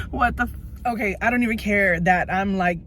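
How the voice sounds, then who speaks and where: A woman's voice: medium pitch, a bit bright. Nervous woman vlogger, 30s, on the edge of tears in her car, rambling, faint hum behind. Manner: nervous, emotional, rambling with many fillers. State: teary, on the verge of crying. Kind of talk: tearful personal vlog. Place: inside a parked car.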